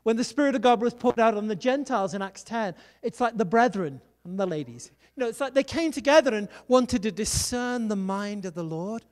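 A preacher delivering a sermon, telling personal stories and urging listeners on with quick asides. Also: mid-range voice, expressive. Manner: exhorting, storytelling, quick asides.

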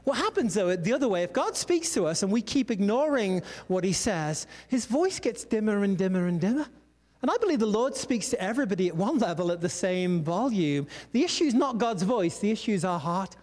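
Here the high-voiced pastor runs through his sermon in a chatty, anecdotal way, pausing often for offhand asides, his voice ringing with the lingering reverb of a spacious church hall. He sounds very animated and fairly quick, with a somewhat dark tone.

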